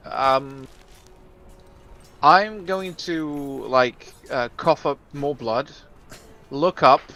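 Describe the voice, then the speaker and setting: A man's voice: a little high, bright, forceful tone. A man playing a tabletop game, describing his move hesitantly with many fillers. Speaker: player. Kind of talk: casual tabletop play chat.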